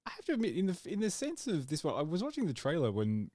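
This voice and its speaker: A man's voice: fairly high pitch, wildly swooping pitch, quick pace, darkish tone, no echo, clean studio sound. A man co-hosting a podcast in casual chat, rambling and acting out his own reactions. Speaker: podcast co-host.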